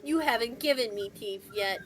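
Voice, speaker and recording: A woman's voice: on the high side, moderate pace, a bit bright, a little hiss or hum, close to an everyday voice. A woman voicing an odd, childlike male creature who collects teeth and talks in broken, simple grammar. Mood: blunt childish. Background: background music.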